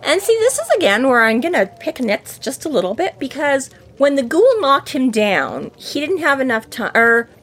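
A woman's voice: sits high, normal speed, hardly any pauses. Chatty woman rambling through a book recap. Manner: animated, rambling, lots of fillers and restarts. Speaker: podcast co-host. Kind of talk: casual book discussion chat.

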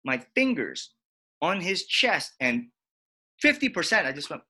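A man in casual conversation, telling animated stories and acting out what others said. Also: a little slow, slightly rough. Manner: animated, acts out quotes with big pitch jumps. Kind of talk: casual storytelling chat.

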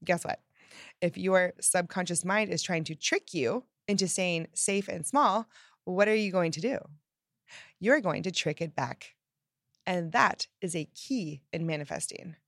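A young adult woman hosting a self-help talk, speaking in an energetic, emphatic way and acting out the voices in her listeners' heads. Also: lowish voice, unhurried, no echo, studio quality. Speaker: self-help podcast host.

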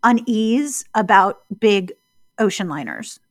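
A woman co-hosting a casual podcast, talking in a reflective, storytelling way and slowing down on key words. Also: medium pitch, animated, no echo, clean studio sound. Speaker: podcast co-host.

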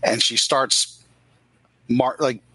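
A man's voice: mid-range voice, fairly even intonation, slow pace, sharp tone, slightly rough, no room sound, rough recording. A man narrating as game master of a tabletop role-playing game, descriptive with casual fillers.

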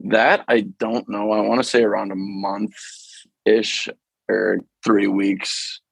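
A man's voice: lowish voice, level tone, slow, creaky, breathy edge, no room sound, poor audio. A man co-hosting a podcast, chatting casually about sports in an easygoing, rambling way. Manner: easygoing, rambling, many fillers. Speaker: podcast co-host.

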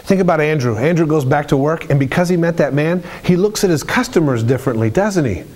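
A man's voice: fairly high pitch, expressive, quick pace, a little mellow. Emphatic male preacher. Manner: emphatic, repetitive phrasing. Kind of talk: sermon.

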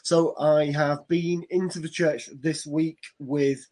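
Easygoing man, fairly high. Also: steady tone, slow, mellow. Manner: rambling, easygoing, thinks aloud. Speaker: podcast co-host. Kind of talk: casual chat.

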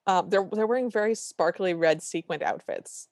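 A woman co-hosting a podcast, recapping a movie in animated casual chat and quoting the characters. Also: lowish voice, moderate pace, no echo, clean studio sound. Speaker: podcast co-host.

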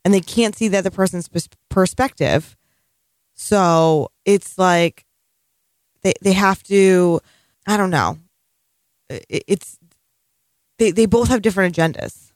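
A woman's voice: on the low side, a little mellow, dry recording, clean studio sound. A woman co-hosting a podcast in casual, rambling chat, full of strong opinions and swearing. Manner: chatty, profane, rambling, quick opinions. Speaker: podcast co-host.

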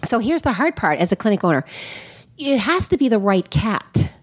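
A woman veterinarian chatting as a podcast guest, animated and quick to laugh, often asking rhetorical questions. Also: mid-range voice. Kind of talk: casual podcast conversation.

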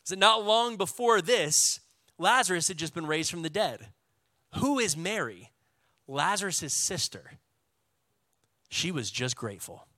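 A man with a Texan accent, a pastor preaching a sermon in a lively, casual way with call-and-response. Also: high-pitched, unhurried, pauses often, no echo.

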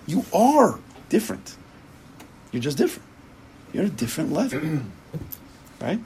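A man teaching a Torah class as a rabbi, speaking emphatically and acting out inner voices in quick quoted asides. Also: a little high, big pitch swings, darkish tone, slight background noise, rough recording.

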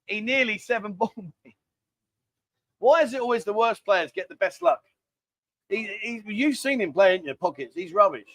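Man, high-pitched, dry close sound, rambling cheeky live-stream banter. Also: animated, moderate pace, fairly bright tone, no echo. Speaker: livestream host. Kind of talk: casual live chat reading viewer comments.

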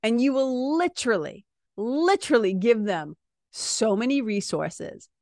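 A woman's voice: fairly high pitch, lively intonation, a little slow, a little mellow, no room sound, clean studio sound. A woman podcast host and spiritual coach, talking casually in a blunt, joking way and laughing often as she acts out her clients.

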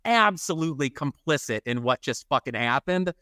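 A man's voice: medium pitch, animated, moderate pace, bright, forceful tone, dry recording, clean studio sound. A man co-hosting a podcast in casual chat, telling a rambling, self-mocking anecdote and swearing freely. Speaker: podcast co-host, photographer.

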